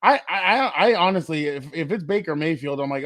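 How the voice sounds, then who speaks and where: Guy cohosting a sports podcast, kinda high voice, dry close mic, gets all animated with wild what-ifs. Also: brisk, no echo. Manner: animated, spins playful what-if scenarios. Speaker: podcast co-host. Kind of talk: casual sports chat.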